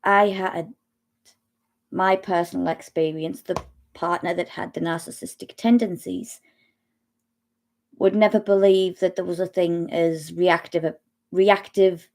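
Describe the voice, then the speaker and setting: Woman, middle-aged, low-ish pitch, very slow pace, halting, personal account. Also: a little mellow. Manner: slow, halting, with long pauses and restarts. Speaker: speaker sharing personal experience. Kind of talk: personal testimony talk.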